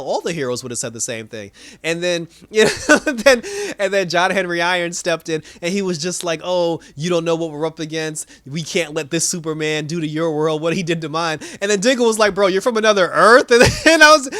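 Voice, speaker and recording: A man's voice: a little high, no echo. A man casually recapping a TV episode, acting out the characters' lines with frequent laughs and fillers. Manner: animated retelling with quoted voices and laughs. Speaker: TV episode reviewer.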